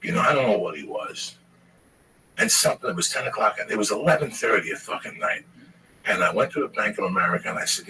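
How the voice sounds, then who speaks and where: Male, loose foul-mouthed storyteller, forceful edge, low pitch, recorded from a distance. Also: quick pace. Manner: rambling, profane, animated storyteller. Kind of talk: casual storytelling chat. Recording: distant mic with faint noise.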